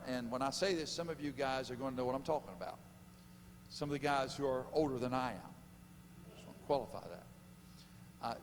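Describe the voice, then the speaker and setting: Jokey man preaching in a reverberant church. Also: mid-range voice. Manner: jokey, laughs at his own stories, quizzes the crowd. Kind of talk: sermon at a men's conference. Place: church sanctuary. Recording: long hall reverb with faint hum.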